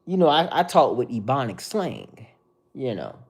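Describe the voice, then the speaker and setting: A man's voice: medium pitch, big pitch swings, normal speed. A man hosting a casual livestream, answering viewer chat in a mocking, profane, confrontational way.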